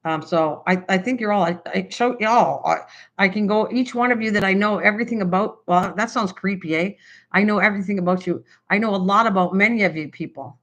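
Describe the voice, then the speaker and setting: An older woman with a Canadian accent chats away to her viewers in a loose, rambling way. She restarts her sentences often and leans on fillers. Her voice sits at a middling pitch, and she sounds hyper and excited. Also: fairly quick. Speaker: craft channel host. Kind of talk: casual live-stream chat.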